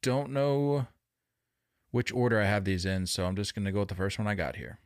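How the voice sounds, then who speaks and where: A man co-hosting a sports podcast, chatting casually with animated, opinionated banter. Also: fairly low pitch, a little fast, dry recording, clean studio sound. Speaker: podcast co-host. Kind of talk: casual chat.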